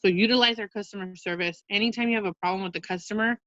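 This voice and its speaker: A woman's voice: medium pitch, fast talker, bright, forceful tone, no echo. A woman leading a casual training talk for her sales team, chatty and upbeat, full of fillers and "you guys", heard over a video call. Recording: dull lo-fi video call audio.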